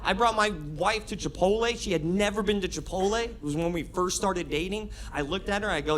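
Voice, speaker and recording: A man's voice: high-pitched, a little fast, hardly any pauses, fairly bright tone, a little hiss or hum. A man doing a stand-up comedy set on a club stage, talking energetically to the crowd with frequent laughs and restarts.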